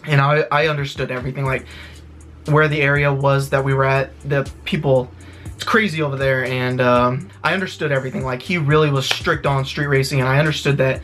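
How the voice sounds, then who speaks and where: A man vlogging to his viewers, retelling a tense story in an excited, rushed way with lots of fillers and restarts. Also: medium pitch, soft background music. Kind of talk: casual storytelling to camera.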